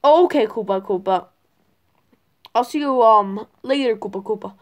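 A woman voicing a goofy male turtle kid who mumbles softly and keeps repeating a catchphrase. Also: fairly high pitch, moderate pace, lightly acted.

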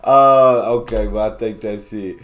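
A man's voice: on the low side, steady tone, measured pace, lo-fi sound. A man from the United States hosting a reaction video, talking in a slangy, playful, teasing way and repeating words back. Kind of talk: casual reaction commentary.

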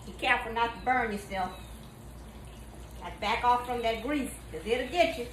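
A woman hosting a casual cooking demonstration in a home kitchen, folksy and exuberant, breaking into high whoops. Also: moderate pace, a bit bright, a little hiss or hum, poor audio. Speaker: cooking show host.

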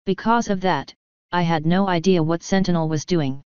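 A woman's voice: lowish voice, moderate pace, darkish tone, clean tone, no echo. A woman steadily reading a first-person fan story aloud. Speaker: fanfiction reader. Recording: slightly muffled recording.

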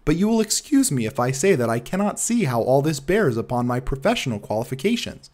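A man's voice: mid-range voice, very animated, brisk, a little mellow, lightly acted. A man voicing a polite, earnest young engineer telling his story in an audiobook reading.

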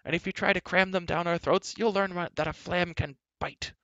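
A hot-tempered bard shouts his indignation in a high, strained, raised voice, as a man reading a storybook puts him on. There is grit in the tone and the recording sounds dull and lo-fi. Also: fairly quick, no echo. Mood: furious. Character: hot-tempered male bard, loud and boastful.

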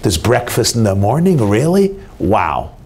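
A man, a rabbi, giving an inspirational talk at an event, telling stories and jokes with lively swings in his voice for emphasis. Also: unhurried. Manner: animated storyteller, swings pitch for emphasis. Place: hotel event hall.

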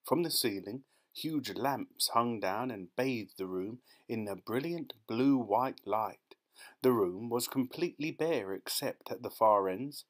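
A man narrating a children's storybook in a lively, expressive manner. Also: mid-range voice, unhurried. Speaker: audiobook narrator.

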